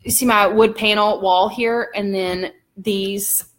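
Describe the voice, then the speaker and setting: A woman's voice: medium pitch, fairly even intonation, slow pace, a little hiss or hum. A woman in her thirties with a Southern US accent, talking casually and upbeat in a home vlog, with frequent "um"s. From Alabama, US. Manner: chatty and upbeat, many "um"s. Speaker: vlogger. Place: home living room.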